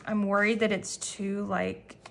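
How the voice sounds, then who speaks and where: A woman talking casually in an unboxing vlog at home, gushing and excitable as she chats on. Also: mid-range voice, unhurried, creaky, a little hiss or hum. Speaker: planner vlogger. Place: common room at home, indoors.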